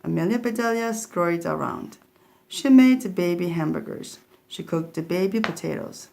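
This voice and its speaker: A woman reading a children's storybook aloud in a steady, clear storytelling manner. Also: on the low side, normal speed. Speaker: storybook reader.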